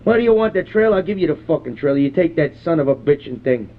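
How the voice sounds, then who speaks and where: A man's voice: fairly high pitch, animated, quick pace, lightly acted. A man voicing a crude, hot-tempered, foul-mouthed middle-aged rural man who rambles and curses nonstop in a prank call. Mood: gruff, ranting. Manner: rambling, cursing constantly, belligerent. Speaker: prank caller. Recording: phone-line prank call recording.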